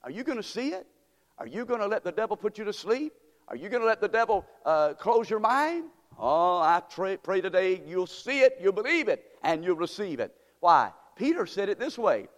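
A man preaches a sermon in a church sanctuary, firing rhetorical questions at the congregation from the pulpit. This pastor's high-pitched voice swings widely in pitch at a moderate pace, and the hall's long reverb rings on.

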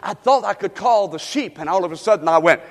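High-voiced man preaching in a reverberant sanctuary. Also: lively intonation, a little fast. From United States. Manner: preaching with call-and-response to the congregation. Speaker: pastor. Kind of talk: sermon.

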